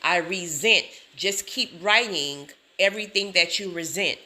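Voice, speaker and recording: A woman's voice: on the low side, measured pace. A woman giving a sassy, emphatic motivational talk to camera, laughing often. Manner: sassy, emphatic, repeats catchphrases; laughs often, animated storytelling. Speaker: self-help vlogger.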